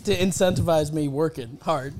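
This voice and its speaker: A man's voice: fairly high pitch, normal speed, background noise. A man co-hosting a podcast in casual chat, self-mocking, laughing and swearing. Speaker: podcast co-host.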